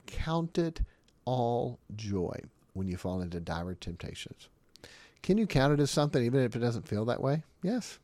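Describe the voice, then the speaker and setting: A man preaching a sermon, emphatic and animated, often laughing between his points. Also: medium pitch, normal speed, no room sound. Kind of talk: sermon teaching.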